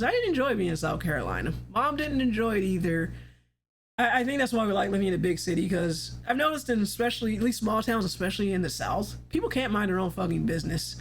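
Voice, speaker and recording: A woman's voice: medium pitch, a little hiss or hum. A woman hosting a casual livestream chat, rambling along, laughing often and swearing casually. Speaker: livestream host.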